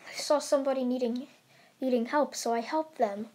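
A woman's voice: high-pitched, fairly even intonation, a little fast, warm tone, slightly rough. A woman voicing an eager, humble teenage boy who dreams of being a hero. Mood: modest.

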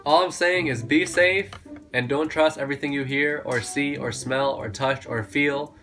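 A man's voice: medium pitch, normal speed, a bit bright. Chatty young man over background music. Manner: chatty, giggly, rambling. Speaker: YouTuber host. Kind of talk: casual vlog chat.

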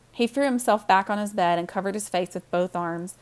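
A woman reading a children's novel aloud with warm, expressive storytelling. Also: medium pitch, brisk, hardly any pauses, clear, resonant tone. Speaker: audiobook reader.

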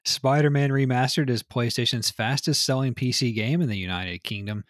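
A man's voice: medium pitch, no echo, clean studio sound. A man co-hosting a casual news podcast, reading items out and joking with plenty of swearing and laughter. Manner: profane, laughs often, reads news items then jokes.

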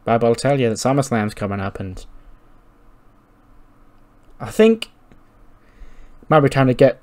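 A man playing an ambitious woman wrestler who brags about winning more belts. She speaks slowly and with total self-assurance. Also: mid-range voice, a little mellow, lightly acted. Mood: confident. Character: confident female wrestler, ambitious and boastful.

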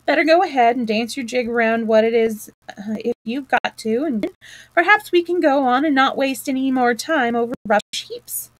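A woman's voice: a little high, normal speed, no room sound, lightly acted, poor audio. A woman voicing a small, fussy and pedantic male mole who speaks in a raised, plaintive way. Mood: huffy.

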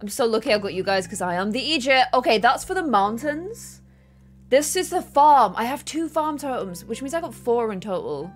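A young woman chatting casually and excitedly while playing a co-op farming game with friends. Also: fairly high pitch, moderate pace. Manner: bubbly, excitable, giggly. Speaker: gaming streamer. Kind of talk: casual co-op gameplay chat.

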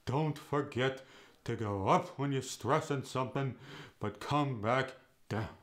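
A man doing a slow, lilting Yiddish-accented grump. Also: medium pitch, close to an everyday voice. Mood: demonstrative. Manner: slow and drawling, with a rising then falling lilt. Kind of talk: accent demonstration.

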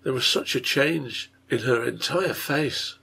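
A man reading his own translation of a Victorian novel aloud, in measured storytelling. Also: mid-range voice, gravelly, sharp tone, a little hiss or hum. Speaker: reader, translator.

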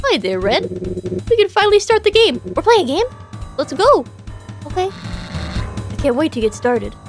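With faint game music playing underneath, a woman streams a video game as a VTuber, chatting in a bubbly way and reading the characters' lines in playful voices. She speaks at a normal speed in a high, sing-song tone.

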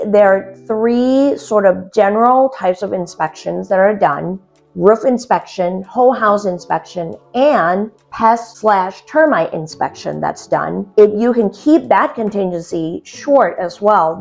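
Woman, real estate agent, explanatory tone, punchy emphasis, slightly muffled sound. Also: medium pitch. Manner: explanatory, stresses key phrases. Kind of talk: scripted advice to camera.

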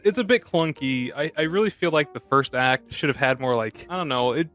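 A man co-hosting a casual movie-review podcast, wry and quick to laugh, swearing casually. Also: mid-range voice, a bit bright. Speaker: podcast co-host. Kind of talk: casual movie-review chat over beer.

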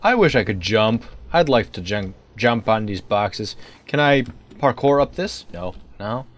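A man's voice: lowish voice, lively intonation, measured pace. A young man giving rambling, joking commentary on a horror game he plays, slipping into a put-on hillbilly drawl. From United States. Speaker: let's play gamer.

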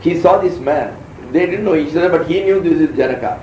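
A man's voice: on the high side, fairly quick, a little mellow, a little hiss or hum. A man in his seventies with an Indian accent, giving a meandering, anecdotal scriptural discourse as a spiritual teacher. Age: 70s. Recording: roomy sound from a distant mic.

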